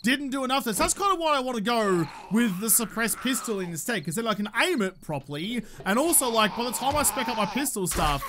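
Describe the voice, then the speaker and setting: A man's voice: very high-pitched, lively intonation, a little fast, few pauses, noisy background. A man with an Australian accent giving chatty, cheeky let's-play commentary, talking to the enemies on screen and swearing freely. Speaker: gaming video host.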